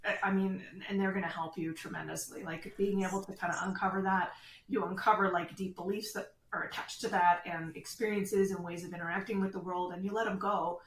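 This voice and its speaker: A woman's voice: on the low side, fairly even intonation, fairly quick, slight background noise. A woman guest on a podcast, talking in an upbeat, reflective way. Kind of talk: casual chat. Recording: echoey, from a distance.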